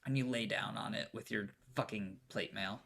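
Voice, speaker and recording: A man's voice: fairly low pitch, steady tone, normal speed, vocal fry, a bit bright, slight background noise. Guy game-mastering a tabletop game, laid back, swears a lot, restarts his sentences. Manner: casual, swears, many fillers and restarts.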